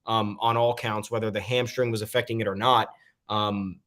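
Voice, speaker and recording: A man's voice: on the low side, little pitch movement, normal speed, a bit bright. A man co-hosting a casual sports podcast, opinionated and leaning on frequent "um" fillers. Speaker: podcast co-host.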